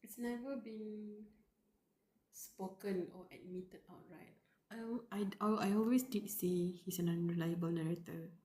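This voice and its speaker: A woman's voice: medium pitch, steady tone, unhurried, mellow. A woman streaming a live novel reading, reacting emotionally in a rambling way with lots of fillers. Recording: roomy with faint background noise.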